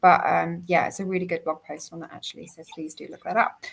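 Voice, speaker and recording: A woman's voice: fairly low pitch, little pitch movement, vocal fry. Upbeat woman hosting a live quiz. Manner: upbeat, reads out questions and viewer comments, quick asides. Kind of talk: casual live-stream chat.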